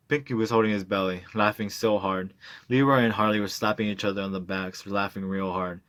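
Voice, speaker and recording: Guy reading a novel out loud, lowish voice, dry close sound. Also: fairly even intonation, dry recording. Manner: plain measured narration with small stumbles. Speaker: reader.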